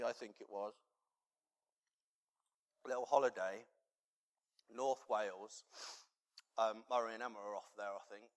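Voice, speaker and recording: A man's voice: fairly low pitch, fairly bright tone. A man preaching a sermon and telling a personal story in a conversational, rambling way, with many fillers. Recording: long reverb in a large hall.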